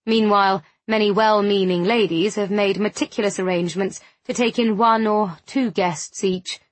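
A woman voicing a weary, wry young gentleman who speaks in a tired, dry, understated way. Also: mid-range voice, steady tone, moderate pace, no room sound, lightly acted.

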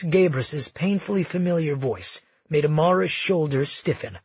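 Male audiobook narrator, husky, measured, dry dull recording. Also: on the high side, no room sound. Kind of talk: scripted narration.

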